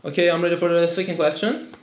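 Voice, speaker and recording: A man's voice: a little high, steady tone, fast talker, roomy sound, slight background noise. A man teaching an English lesson and answering students' calls in an upbeat, chatty way, with lots of fillers. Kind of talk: live lesson and call-in Q&A.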